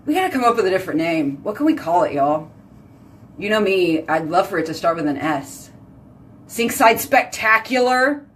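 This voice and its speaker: A woman from Houston with a Texan accent, chatting casually at home by her sink as a vlog host, bubbly and rambling. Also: medium pitch. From Houston, Texas. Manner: bubbly, rambling, says y'all a lot.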